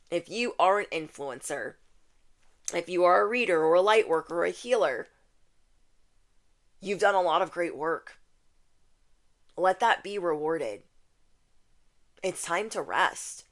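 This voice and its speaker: A woman's voice: on the low side, lively intonation, unhurried, long pauses. Chatty woman giving a tarot reading. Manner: chatty, repeats key phrases, acts out quoted voices. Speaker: tarot reader. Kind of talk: casual spiritual reading to camera.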